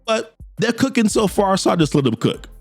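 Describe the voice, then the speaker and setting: Young male comic recapper, hyped and slangy, lively swooping delivery, pitched a little high. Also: brisk, creaky, breathy edge, dry recording, soft background music. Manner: hyped, slangy, laughs along. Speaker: comic book reviewer.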